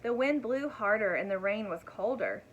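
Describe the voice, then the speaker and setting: A woman reading a picture book aloud to children in an expressive voice, turning to her young listeners with asides. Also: mid-range voice, normal speed, muffled recording, a little hiss or hum. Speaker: storyteller.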